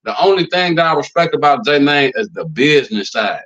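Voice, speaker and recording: A man's voice: expressive, brisk, fairly bright tone. A man hosting a commentary channel, talking bluntly and loosely with lots of fillers and profanity. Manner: acts out quotes in a higher voice. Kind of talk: casual commentary rant. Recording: slightly dull lo-fi recording.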